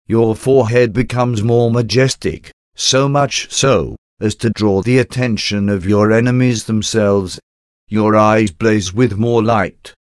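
A man reading a devotional prayer aloud in a measured, reverent way, phrase by phrase. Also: on the low side, no room sound, clean studio sound.

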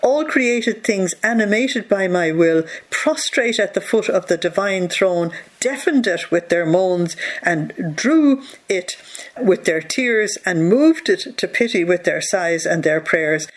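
A devotional teacher reading a spiritual text line by line and then explaining it at length. The voice sits in a middle pitch. The delivery is measured and earnest, with frequent rhetorical asides. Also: animated.

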